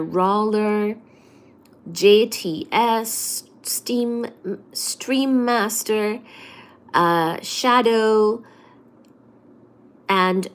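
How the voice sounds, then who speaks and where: A woman hosting a casual livestream, greeting viewers one by one by name and answering chat in a soft-spoken way with frequent ums. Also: medium pitch, smooth. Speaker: livestream host reading chat.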